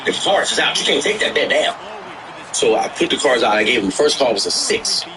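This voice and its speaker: A man telling stories in casual chat, animated, acting out the people he quotes and swearing freely. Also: medium pitch, fairly quick, background noise. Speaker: livestream host telling stories. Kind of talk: casual storytelling.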